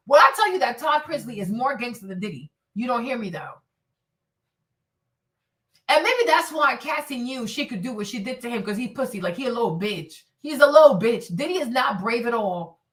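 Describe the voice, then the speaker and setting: A woman giving blunt, profane, animated reaction commentary, often laughing and raising her voice. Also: high voice, distant mic. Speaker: commentary streamer.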